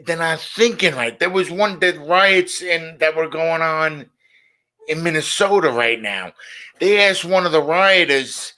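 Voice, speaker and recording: A man's voice: on the high side, moderate pace, pushed and bright. A middle-aged man hosting a casual monologue show, blunt and opinionated, often repeating his points. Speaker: show host.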